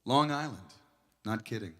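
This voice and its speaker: A man's voice: medium pitch, normal speed, pushed and bright. A man, a singer-songwriter and guitarist, chatting and telling rambling stories to a small crowd between songs at an in-store show. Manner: chatty, rambling storyteller, self-described nervous talker. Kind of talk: live stage banter between songs. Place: record store in-store performance.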